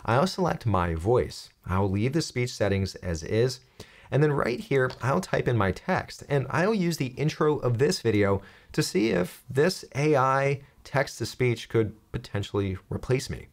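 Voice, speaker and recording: A young man hosting a software tutorial, explaining step by step in an upbeat, joking way. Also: medium pitch, big pitch swings, unhurried. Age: young adult. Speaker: tech tutorial host. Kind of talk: screen-recorded software tutorial.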